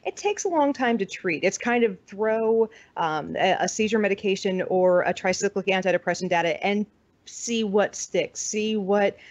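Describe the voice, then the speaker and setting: A woman's voice: medium pitch, moderate pace, dry recording. An American woman chatting as a podcast guest, candid and laughing often, swearing freely. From United States. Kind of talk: casual chat. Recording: dull lo-fi podcast audio.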